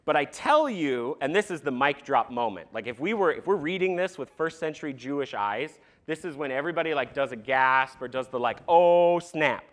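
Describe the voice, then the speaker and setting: A young man preaching a sermon to a congregation in a church, animated and conversational with asides to the crowd. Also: mid-range voice, a little fast, hardly any pauses. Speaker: pastor. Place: church sanctuary.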